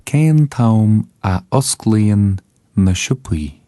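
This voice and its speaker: Slow, deep-voiced Irish male tutor. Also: lively intonation, dark tone, no echo. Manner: slow, careful enunciation for repetition. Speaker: language teacher. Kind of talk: scripted language lesson narration.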